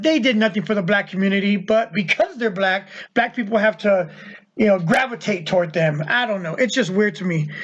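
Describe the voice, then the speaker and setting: High-voiced rambling male podcast host. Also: fairly bright tone. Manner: rambling, amused, blunt. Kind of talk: casual opinion monologue. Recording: dull lo-fi recording.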